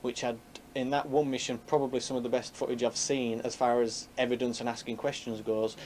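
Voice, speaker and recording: A man's voice: mid-range voice, level tone, brisk, a little mellow, slight background noise. A man who founded a UFO group, talking in a rambling, casual interview with many fillers.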